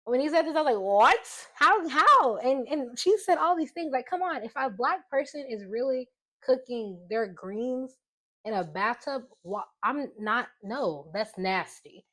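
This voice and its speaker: A woman in her twenties hosting a casual opinion vlog, talking in an animated, rambling way and breaking into exclamations. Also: a little high, normal speed. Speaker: vlog host.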